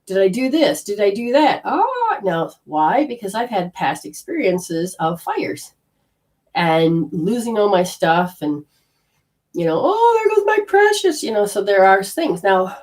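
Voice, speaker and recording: A middle-aged woman from Australia telling a personal story in a casual way, acting out her own inner voices with sudden jumps in pitch. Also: animated, unhurried, a little mellow. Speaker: energy healing teacher.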